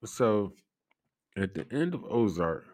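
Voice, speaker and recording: A man's voice: on the low side, big pitch swings, takes it slowly, darkish tone, no echo, studio quality. A man hosting a podcast, telling a rambling story in casual talk and laughing often through it. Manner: loose, rambling delivery full of fillers and profanity. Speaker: podcast host.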